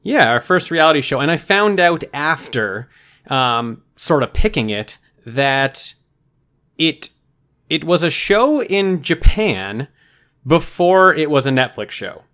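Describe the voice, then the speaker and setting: A man's voice: on the high side, very animated, slow pace, fairly bright tone, clear, resonant tone. A man co-hosting a podcast, chatting casually in an easygoing, agreeable way with lots of filler words. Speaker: podcast co-host. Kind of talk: casual chat.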